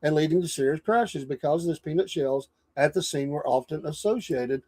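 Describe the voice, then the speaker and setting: A man's voice: on the high side, fairly quick, darkish tone. A man hosting an interview, reading prepared notes and thanking his guests in an earnest way. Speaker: show host.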